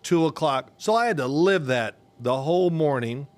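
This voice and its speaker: An older man co-hosting a casual sports podcast, an animated storyteller who acts out the voices of people he quotes. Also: on the high side, moderate pace, no room sound. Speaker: podcast co-host, former quarterback.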